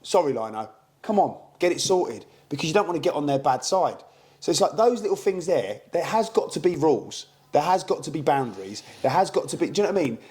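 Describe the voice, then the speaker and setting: A British man on a podcast, a co-host and football manager, telling animated stories and acting out quoted exchanges in casual chat. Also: fairly high pitch, fast talker. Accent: British English.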